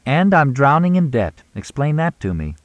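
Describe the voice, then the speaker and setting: A glamorous, weary film star, brisk and put-upon, her voice lifted well above the reader's own. A male narrator puts her on in a dry, close recording. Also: a little high, very animated, no room sound, highs cut off, pitched above the performer's own voice. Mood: distressed.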